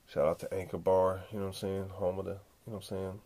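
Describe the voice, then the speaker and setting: A man's voice: low voice, little pitch movement, fast talker, dark tone. A man hosting a podcast, giving laid-back, slangy reaction commentary full of swearing and asides. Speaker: podcast host.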